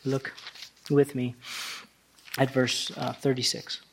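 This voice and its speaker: A man's voice: mid-range voice, level tone, slow pace, creaky, a little hiss or hum. A male pastor preaching a sermon, talking through scripture in a conversational way that rises to emphatic passages.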